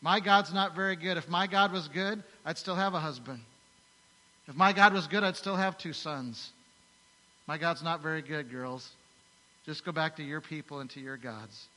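A preacher voicing a bitter, grieving old widow in a flat, complaining tone. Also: male voice, on the high side, normal speed, big-room sound, low-quality recording.

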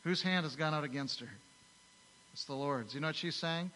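A male pastor preaching a sermon, telling stories with rhetorical questions and lively asides. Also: a little high, a little fast, long reverb tail, low-quality recording.

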